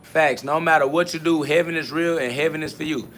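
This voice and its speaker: A man's voice: fairly high pitch, fairly even intonation, a little fast, a bit bright. A male podcast host giving a solo spiritual monologue, answering listener comments in a blunt, profane, confrontational way and repeating his catchphrases.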